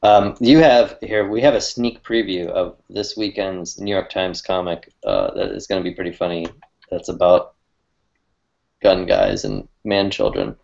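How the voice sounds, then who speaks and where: A man with a fairly low voice talks in a loose, rambling way, often stopping to restart his sentences. He laughs easily between thoughts. The audio sounds dull and lo-fi, like an online call. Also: animated, a little slow, vocal fry, a little mellow. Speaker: cartoonist co-host. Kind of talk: casual chat.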